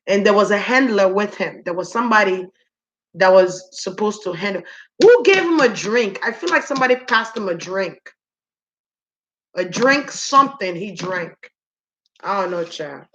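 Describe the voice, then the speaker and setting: A woman in the middle of a relaxed spiritual reading, musing aloud and stretching her words as she speaks to the spirits. Her pitch sits mid-range. A faint hiss runs under the recording. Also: poor audio. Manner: musing, drawn-out, talks to the spirits directly. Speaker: spiritual reader. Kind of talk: casual spoken tarot reading.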